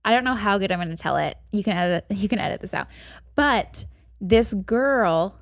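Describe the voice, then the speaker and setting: A woman's voice: medium pitch, lively intonation, moderate pace, no room sound, studio quality. A woman guest on a podcast, casually retelling a story with lots of "like" fillers and swearing. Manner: heavy "like" fillers and frequent swearing.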